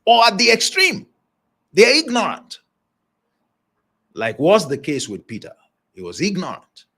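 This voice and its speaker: This is a man speaking on leadership in a motivational broadcast. His mid-pitched voice rises and falls a great deal as he preaches, and he repeats lines for emphasis. He chuckles at his own asides. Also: a bit bright, husky.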